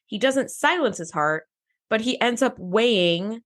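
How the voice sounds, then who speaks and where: A woman co-hosting a podcast in casual chat, animated and swearing freely as she acts out quotes. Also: a little high, measured pace. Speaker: podcast co-host.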